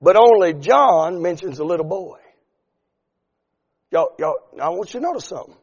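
High-pitched middle-aged preacher man, builds to big drawn-out shouts, long church echo. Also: expressive, slightly rough, lo-fi sound. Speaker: pastor. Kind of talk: sermon. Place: church sanctuary.

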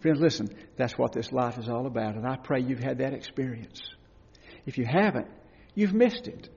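A man preaching a sermon with passion, rising to loud cries and falling to hushed tones. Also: medium pitch, animated, moderate pace, vocal fry, breathy edge. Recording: dull, lo-fi recording with long hall reverb.

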